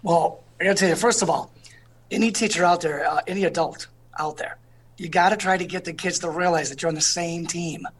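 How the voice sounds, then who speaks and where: A man speaking as a guest in an interview, telling stories with lively energy and often asking "you know what I'm saying". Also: on the high side, brisk.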